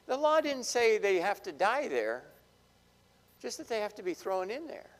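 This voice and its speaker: Male preacher with a high voice in a reverberant hall. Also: sing-song, normal speed. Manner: dramatic, swinging between loud bursts and hushed asides. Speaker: pastor. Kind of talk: sermon.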